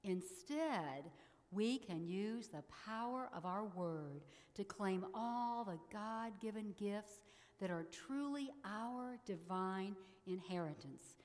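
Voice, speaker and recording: A middle-aged woman minister giving a sermon in a church, leading the congregation in spoken affirmations in a measured way. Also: mid-range voice, animated, darkish tone, long reverb tail.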